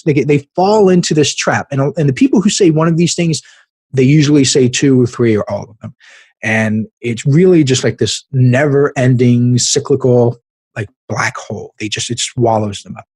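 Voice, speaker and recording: A man hosting a podcast, giving blunt, animated business advice in a casual way and laughing at himself now and then. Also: medium pitch, moderate pace, slightly rough, no echo. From American Midwest. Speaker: podcast host, business coach.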